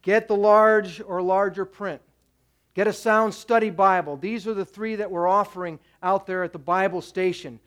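A man with a notably high voice preaches a sermon to his congregation. He talks directly and urgently, stacking up commands and repeating himself to drive each point home. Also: fairly bright tone. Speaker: pastor.

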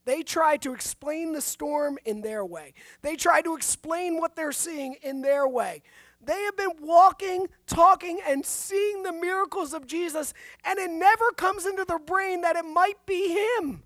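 A woman pastor delivers a sermon in a high, bright-toned voice, lively and animated. She keeps asking rhetorical questions and slips in self-deprecating asides. The sound is dry and close, with no room echo. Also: measured pace.

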